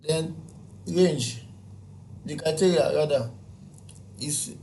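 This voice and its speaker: Man, tutorial narration, slow, fairly high voice, counts aloud, repeats himself, faint background hiss. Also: dark tone. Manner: counts aloud item by item, repeats points and asks himself questions. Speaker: spreadsheet tutor. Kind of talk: screen-recorded software tutorial.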